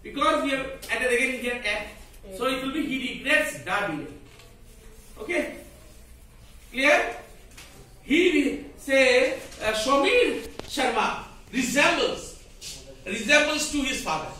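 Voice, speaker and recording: A man's voice: very high voice, lively intonation, slow pace, long pauses, pushed and bright, far from the mic, slight background noise. A male English teacher giving a grammar lesson to a class, asking questions and having students repeat the rules. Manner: repetitive, questioning, drills students in call-and-response. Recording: very echoey room, voice from afar.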